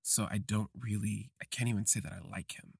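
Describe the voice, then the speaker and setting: Young male host, confessional storyteller: low-pitched, gravel-edged voice, close and dry, halting reflective delivery. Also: steady tone, dry recording. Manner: slow, halting, reflective phrasing. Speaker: podcast host. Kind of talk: confessional first-person storytelling.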